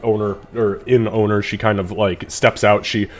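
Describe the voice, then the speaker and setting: A man's voice: on the low side, level tone, normal speed. A man narrating a tabletop game as game master, casual and rambling with many fillers.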